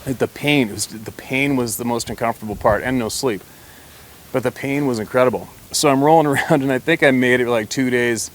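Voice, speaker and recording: A man's voice: medium pitch, a little fast. A man telling a personal story to camera in a rambling, blunt way, with mild swearing and frequent restarts.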